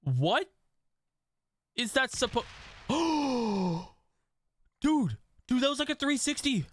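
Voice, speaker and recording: A young man streaming an online strategy game, reacting excitedly to chat and laughing at other players. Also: extremely high pitch, slow, a little hiss or hum. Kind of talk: live game stream commentary.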